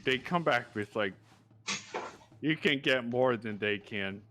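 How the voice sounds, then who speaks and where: A man's voice: mid-range voice, slow pace, sharp tone, slight background noise. A man chatting casually as a fellow player, offhand and laid-back. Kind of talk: casual gaming chat.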